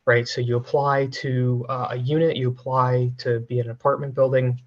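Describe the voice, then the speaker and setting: A man presenting a coding demo over a video call in a relaxed, casual way, with many fillers. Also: mid-range voice, moderate pace, lo-fi sound. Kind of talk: casual technical walkthrough.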